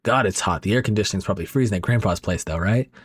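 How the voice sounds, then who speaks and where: A man's voice: fairly low pitch, fast, husky, no echo, clean studio sound. A man voicing a careless, dismissive young husband in a horror comic, talking offhandedly. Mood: offhand.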